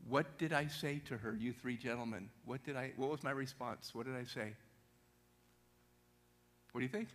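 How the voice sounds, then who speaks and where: High-energy man telling a story. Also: normal speed, pauses often. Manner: high-energy, animated storytelling with questions to the audience. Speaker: motivational speaker. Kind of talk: storytelling talk to a church audience.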